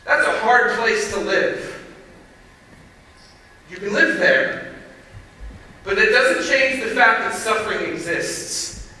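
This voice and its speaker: A man giving a chapel sermon, telling stories conversationally and building to loud emphasis, recorded from far off in a large hall. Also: high voice, expressive, slow pace, long pauses, slight background noise. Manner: conversational storytelling, rising to shouts. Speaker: chapel speaker.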